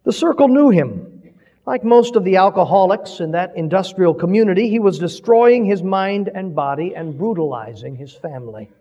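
A man's voice: high voice, expressive, normal speed, dark tone. A man preaching, telling a story with swelling, dramatic delivery. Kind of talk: sermon storytelling. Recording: dull recording with long hall reverb.

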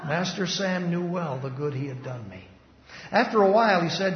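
A man preaching a first-person testimony in a dramatic recitation style, emphatic, swinging between loud and hushed. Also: fairly high pitch, animated, normal speed. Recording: echoey hall, dull lo-fi sound.

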